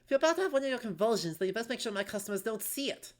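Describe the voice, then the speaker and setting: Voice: big pitch swings, lightly acted. Streamer doing a bossy Cockney tavern keeper. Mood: scolding. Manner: brisk, scolding, raised pitch. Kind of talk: reading game dialogue in character.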